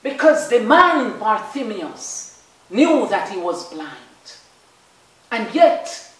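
A preacher giving an impassioned sermon, shouting at high points, dropping low at others, laughing between phrases. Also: sing-song, takes it slowly. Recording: very echoey room.

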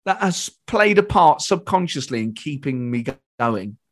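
A British man with a fairly high voice, speaking at normal speed, appears as a comedian guest in an easygoing conversation. He tells an animated anecdote, performing the quotes and cursing liberally.

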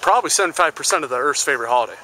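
A man vlogging casually outdoors at a softball field, chatting upbeat with teammates. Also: a little high, expressive, a crowd in the background. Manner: upbeat, asks teammates quick questions. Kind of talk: casual vlog chat. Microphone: handheld camera. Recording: noisy outdoor camera audio.

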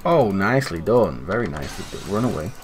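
Young man, low voice, casual gameplay commentary, chatty and self-critical. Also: very animated, brisk, a little hiss or hum. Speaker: gaming commentator.

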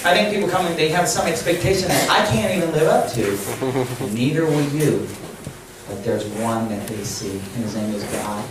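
An older man giving a storytelling sermon as a camp chapel speaker, animated and laughing as he acts out quoted lines. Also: medium pitch, moderate pace. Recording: echoey hall, distant mic, noisy.

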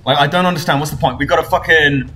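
A young man streaming a horror game live, excitably swearing and yelling at his teammates. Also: a little high, fast, slight background noise. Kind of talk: live gameplay commentary.

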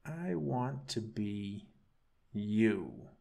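A man's voice: lowish voice, very animated, very slow, gravelly, dark tone, heavily acted. A man voicing a menacing male raccoon turning human, who talks in a sneering, taunting way.

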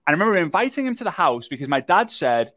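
A man gives a live online workshop. He tells a story in an animated, joking way and talks to his viewers in the chat. His voice sits a little high for a man, and it is recorded dry and close on the microphone. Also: racing, no echo. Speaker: workshop presenter.

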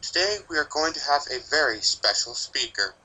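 A polite, anxious schoolteacher mare, put on by a man in a much higher voice than his own. Her tone stays bright and a little hesitant. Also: animated, moderate pace, full character voice, rough recording. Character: nervous polite female schoolteacher pony.

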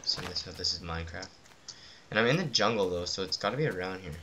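Give me a young man co-hosting a casual gameplay chat, bright and excitable, joking with a friend. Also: deep voice, quick pace, a little hiss or hum. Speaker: gaming channel co-host.

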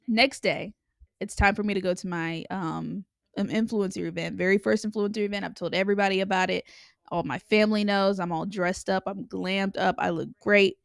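Young female podcast host, candid chatty storyteller, middle pitch with vocal fry, dry close sound. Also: steady tone, a little fast, no room sound. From Los Angeles area. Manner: chatty and candid, with many filler likes and ums. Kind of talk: casual storytelling monologue.

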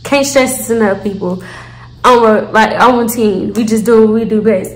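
Slangy chatty woman doing a storytime, kinda high voice, echoey room. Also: moderate pace, slight background noise. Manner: chatty, slangy, animated, frequent fillers. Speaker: storyteller, channel host. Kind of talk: casual storytime vlog.

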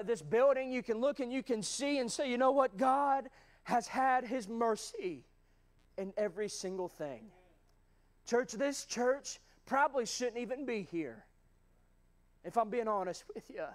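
A man preaching a sermon in a church, fervent and rising to shouts at times, calling out to the congregation. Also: very high voice. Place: church sanctuary.

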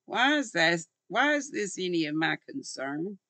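A woman's voice: lowish voice, very animated, a little slow, pushed and bright, no echo, exaggerated voice. An older woman reading aloud and voicing a dry-humored male small-town sheriff with curt, teasing lines.

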